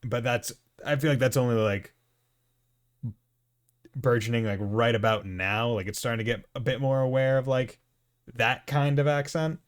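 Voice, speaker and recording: A man's voice: medium pitch, steady tone, normal speed, pauses often, clean tone. A man with a New England accent giving casual, rambling commentary over a video game, laughing often. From United States. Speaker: let's play host.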